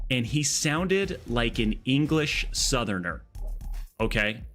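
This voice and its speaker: A man's voice: medium pitch, very animated, slow, bright, forceful tone, faint music behind. A man from Arizona chatting casually on a live game stream, rambling and tagging his sentences with "okay?".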